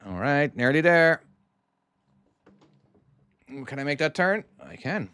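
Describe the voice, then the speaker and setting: A man's voice: fairly high pitch, very animated, slow pace, bright, forceful tone, clean tone, dry recording. Chatty man, faded irish accent. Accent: Irish, softened by years in the US. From Ireland. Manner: rambling and chatty, talking to chat while driving. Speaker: game developer and streamer. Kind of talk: casual live-stream commentary while playing.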